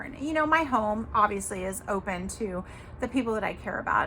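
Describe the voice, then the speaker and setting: A woman's voice: medium pitch, moderate pace, background noise. A woman hosting her own podcast, talking casually and emphatically to viewers, giving tough-love advice with the odd cuss word. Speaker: podcast host.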